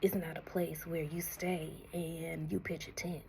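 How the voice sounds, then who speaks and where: With a deep voice, flat delivery, and dark tone, a woman reads tarot and shares a spiritual message, speaking slowly and gently. Often she lowers to a breathy whisper and calls the listener honey, emotional and close to tears, with slight background noise.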